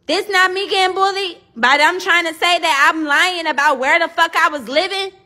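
Brash high-voiced woman ranting on a livestream. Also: normal speed, sharp tone. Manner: brash, profane, addresses viewers as y'all. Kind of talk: casual livestream rant.

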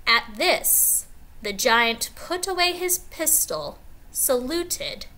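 Woman teacher reading a story aloud slowly. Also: sits high. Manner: slow, expressive classroom reading.

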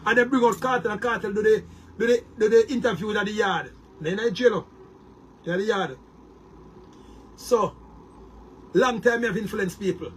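A man's voice: high-pitched, normal speed, pauses often, a little hiss or hum. A Jamaican man delivering a heated, boastful monologue to his viewers, repeating words and restarting often. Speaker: online commentator.

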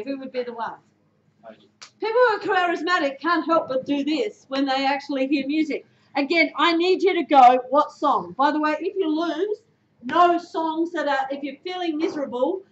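High, direct Australian woman. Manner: direct, emphatic, quizzes the audience. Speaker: guest speaker. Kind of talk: motivational talk. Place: club room before a team. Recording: echoey room, dull sound.

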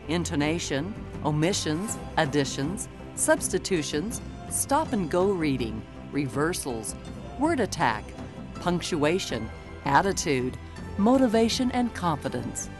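A woman reading scripted documentary narration in a measured, explanatory way, recorded as a studio voice-over. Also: low voice. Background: background music.

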